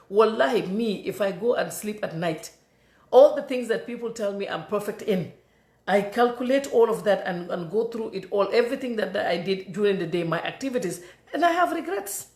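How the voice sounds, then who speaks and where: A middle-aged woman with a Gambian accent, talking in an animated, emphatic way in a casual monologue. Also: medium pitch, a little fast, echoey room. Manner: animated and emphatic, laughs between points. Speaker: commentator.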